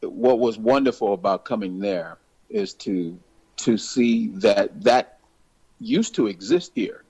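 A man's voice: lowish voice, animated, slow, gravelly, warm tone, husky, rough recording. A man appearing as a musician guest in a radio interview, talking in an easygoing, friendly way. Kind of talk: interview conversation.

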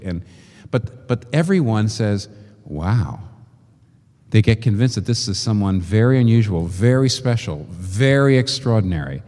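A male preacher in a reverberant hall. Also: on the low side. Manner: animated, acts out quoted voices, repeats phrases for emphasis. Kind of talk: sermon.

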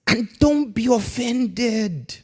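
A man preaching a sermon as pastor, swinging from quiet, measured lines to loud, emphatic ones and calling on the congregation to answer back. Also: very high-pitched, expressive, husky, soft background music. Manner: calls on the congregation to respond.

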